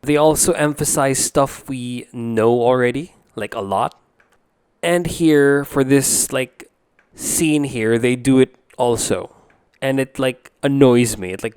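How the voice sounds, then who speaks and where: A man's voice: mid-range voice, measured pace, darkish tone, clean tone, no echo. A young man giving a casual spoken review. He rambles, fills his talk with "like," and states his opinions bluntly. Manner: rambling, many "like" fillers, opinionated.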